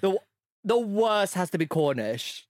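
A man's voice: high-pitched, sing-song, unhurried, no room sound. Brief: young male podcast co-host, loose and sweary, laughs a lot, dry close sound. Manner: chatty, swears freely, laughs often. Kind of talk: casual chat.

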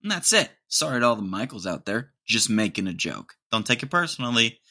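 Very animated, brisk, and pushed bright at a medium pitch, a young podcast host rambles through a casual comic monologue. He's sarcastic and keeps laughing at his own jokes.

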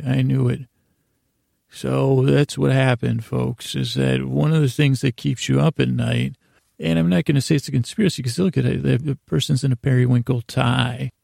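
A man's voice: mid-range voice, gravelly, mellow, dry recording, clean studio sound. A man hosting a podcast, telling a meandering, drowsy bedtime story full of restarts and fillers. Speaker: podcast host.

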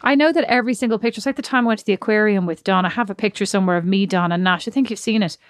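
A woman's voice: medium pitch, rapid-fire, no echo, studio quality. A woman, co-hosting a podcast with blunt, teasing banter. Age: 40s. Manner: wry, teasing, blunt storyteller. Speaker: podcast co-host. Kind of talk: casual chat.

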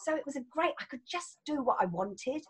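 An older actress chatting as an interview guest, effusive and laughing often, with a husky voice. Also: female voice, sits high, expressive, brisk. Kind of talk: casual interview chat.

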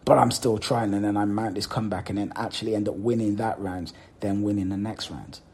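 A man's voice: on the low side, steady tone, fairly quick, darkish tone, husky. A man hosting a motivational podcast, talking straight to the listener and repeating words for emphasis. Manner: addresses the listener directly. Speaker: podcast host.

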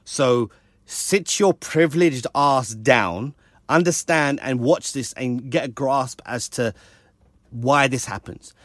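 A British man co-hosting a casual discussion, speaking with passion and climbing in pitch when a point matters to him. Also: no room sound, studio quality. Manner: animated, rises sharply when passionate.

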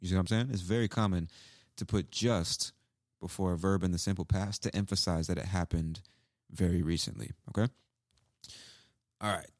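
This English teacher hosts a podcast in a low-sitting voice with a steady tone, speaking at normal speed and pausing often. The recording is clean studio sound without echo, and he casually explains phrases, repeating examples and performing sample lines.

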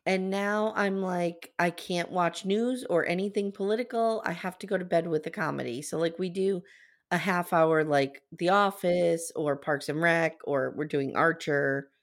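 A woman's voice: on the low side, unhurried. A woman hosting a podcast, recapping a TV episode in casual chat and acting out lines from it. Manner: animated, acts out quotes from the episode. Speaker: podcast host.

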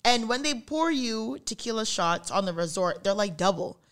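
A young podcast co-host speaks at normal speed in an animated, mid-range voice. She tells a story in casual chat, with lots of laughter and voices put on for the people in it.

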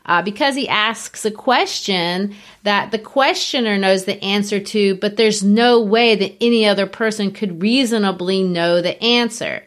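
Woman, middle pitch, teacherly, animated explaining, casual lecture. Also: a little slow.

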